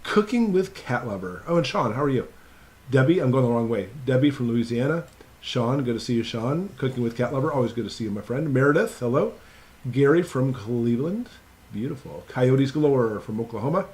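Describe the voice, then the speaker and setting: A man's voice: mid-range voice, expressive, fairly quick, a little mellow. A man hosting a casual live stream Q&A, reading viewers' names off his computer and greeting each one in an upbeat, chatty way.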